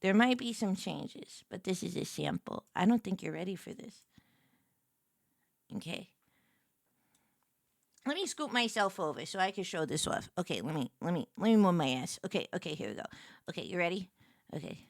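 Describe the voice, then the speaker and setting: A woman streamer chatting casually on a live stream. She gushes with excitement and thanks her viewers effusively. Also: medium pitch, moderate pace, vocal fry, long pauses, dry recording, studio quality.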